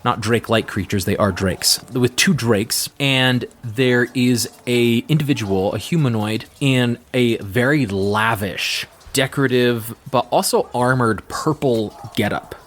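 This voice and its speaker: A man narrating as the game master of a tabletop game, describing scenes in a relaxed way with frequent fillers. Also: mid-range voice, measured pace, a little hiss or hum.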